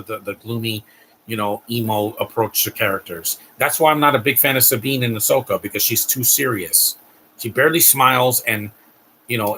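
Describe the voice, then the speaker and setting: A man's voice: on the low side, bright, forceful tone, slight background noise, poor audio. A man hosting a live stream, giving a blunt, ranting movie reaction commentary with frequent restarts.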